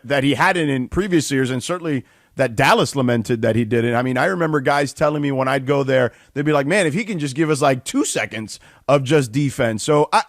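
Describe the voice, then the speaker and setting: A man hosting a radio show, chatty and quick to laugh as he asks questions. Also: medium pitch, dry recording, clean studio sound. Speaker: radio host. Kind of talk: casual radio interview.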